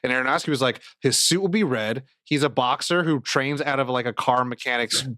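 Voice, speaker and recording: A man's voice: medium pitch, a little fast, sharp tone, no echo, studio quality. A man co-hosting a podcast in casual chat, rambling and swearing as he acts out scenes in quoted voices. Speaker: podcast co-host.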